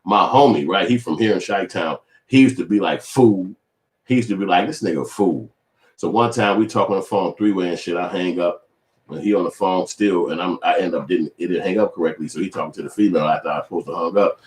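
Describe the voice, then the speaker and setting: A man's voice: deep voice, fast talker, echoey room, low-quality recording. Blunt, profane man. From Chicago. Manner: profane, blunt, animated storytelling. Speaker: YouTube commentator. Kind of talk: casual commentary vlog.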